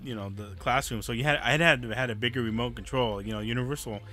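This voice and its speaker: A man co-hosting a podcast, telling stories in a rambling casual way, full of fillers, his voice dropping low for the creepy parts. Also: quick pace, pushed and bright, soft background music. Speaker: podcast co-host. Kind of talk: casual chat, storytelling.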